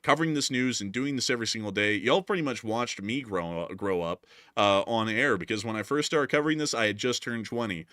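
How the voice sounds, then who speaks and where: A man's voice: fairly low pitch, fairly quick, pushed and bright, no echo, clean studio sound. A man in his early twenties co-hosting a news livestream, earnestly thanking viewers with frequent fillers. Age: 20s. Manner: earnest, repetitive thank-yous, lots of fillers. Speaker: news channel co-host. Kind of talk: livestream chat, reading super chats.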